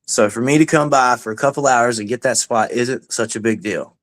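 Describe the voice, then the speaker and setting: A man's voice: mid-range voice, fairly quick. Swaggering profane busker man. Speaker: street banjo busker. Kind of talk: casual chat.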